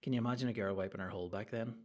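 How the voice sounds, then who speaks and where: A man hosting a solo comedy podcast, ranting in a crude, rambling and excitable way. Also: on the low side, very fast. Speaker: podcast host.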